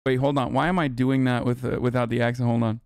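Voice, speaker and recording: Fast-talking profane streamer man. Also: mid-range voice, flat delivery, a little mellow, clean tone, no echo, studio quality. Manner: fast, profane, rambling reactions. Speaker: streamer host. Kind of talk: live stream commentary.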